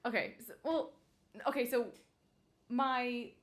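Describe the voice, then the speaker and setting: A woman's voice: a little high, steady tone, slow pace. A young woman hosting a casual chat, hesitant and full of fillers, often laughing. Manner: giggly, hesitant, lots of fillers. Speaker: channel host.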